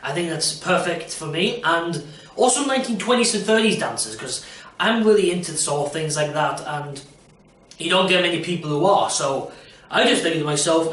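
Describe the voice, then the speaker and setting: A man's voice: a little high, lively intonation, moderate pace, fairly bright tone, far from the mic. A young man rambling jokily about auditions and performing, with lots of fillers, recorded in an echoey room away from the mic. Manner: rambling, jokey, lots of "you know". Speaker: aspiring performer. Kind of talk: casual self-recorded audition talk.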